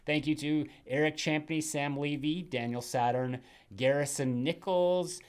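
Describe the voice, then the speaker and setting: A man's voice: fairly high pitch, fairly even intonation, measured pace, a little mellow, smooth. A man hosting a horror film podcast, chatting casually and rambling with many fillers. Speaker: podcast host. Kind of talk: casual chat.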